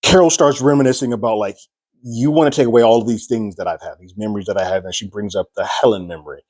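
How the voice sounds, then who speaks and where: A man's voice: on the low side, fast talker, darkish tone, dry recording. A man giving a casual spoiler review of a TV episode, retelling scenes and acting out characters' lines with raised voices.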